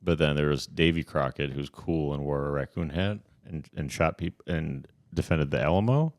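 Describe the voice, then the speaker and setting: A man's voice: a bass voice, moderate pace, a little mellow. A man co-hosting a comedy podcast, chatting casually with rambling, jokey, stop-start sentences. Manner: rambling, jokey, frequent restarts. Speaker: podcast co-host.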